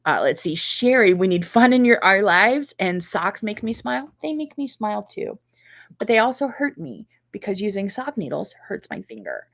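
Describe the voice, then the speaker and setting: A middle-aged woman hosting a casual live chat, reading viewer comments and reacting warmly and chattily. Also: mid-range voice, sing-song, moderate pace. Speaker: quilting channel host.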